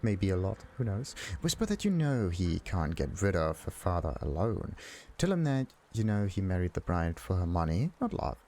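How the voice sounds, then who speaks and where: Hosting a game let's play, a man with a low, dark voice sounds very animated while speaking at normal speed. He casually reads dialogue options aloud, chuckling and musing to himself as he comments on the gameplay.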